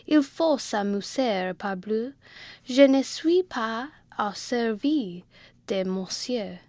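A tipsy, excitable manservant who brushes people off in a brusque, voice, as a woman reader puts him on. It is recorded dry and close. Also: a little high, slow, no room sound. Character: excited tipsy male French servant.

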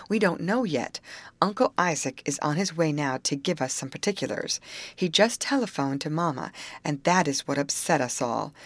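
An anxious, tearful teenage girl, as a woman reader puts her on, halting and plaintive as she talks. The voice is pitched a little above the reader's own low tone. It is heard dry and close. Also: dry recording, lightly acted. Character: tall, tearful teenage girl worried about her brother. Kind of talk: audiobook character voice.

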